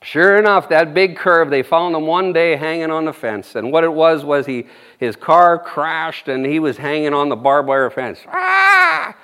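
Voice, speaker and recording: A man's voice: fairly high pitch, moderate pace, a bit bright, clear, resonant tone. A man preaching an informal sermon, rambling and folksy, with frequent amens and chuckles.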